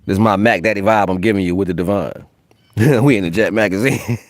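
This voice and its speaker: A man's voice: lowish voice, brisk, no room sound. A man hosting a spiritual livestream in a brash, profane, casual way, laughing often.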